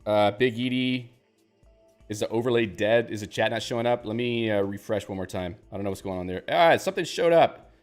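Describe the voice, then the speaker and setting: A man's voice: on the low side, steady tone, brisk, faint music behind. A man hosting a live stream in a casual, joking, self-deprecating way, reading viewer chat aloud.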